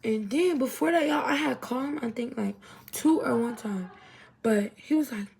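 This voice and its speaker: A young adult woman telling a storytime to her viewers in an animated, chatty way. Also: on the high side, moderate pace, vocal fry, a little hiss or hum. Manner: animated, chatty, heavy use of 'literally' and 'y'all'. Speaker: vlogger. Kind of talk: casual storytime.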